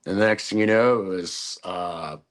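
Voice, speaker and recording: Lower-voiced man telling a profane story. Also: moderate pace. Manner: profane, acts out quoted voices. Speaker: podcast guest. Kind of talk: casual storytelling in a podcast interview.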